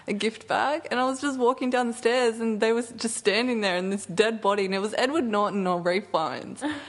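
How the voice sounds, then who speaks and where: A woman's voice: fairly high pitch, brisk. A woman co-hosting a radio show, laughing often and chiming in with short reactions. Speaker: community radio co-host. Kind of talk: casual radio chat.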